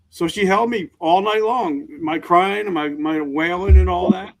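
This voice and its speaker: A middle-aged man, a veteran guest on an interview show, speaking earnestly and openly in halting sentences. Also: high-pitched, creaky. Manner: earnest, halting, emotionally open. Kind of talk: candid interview talk.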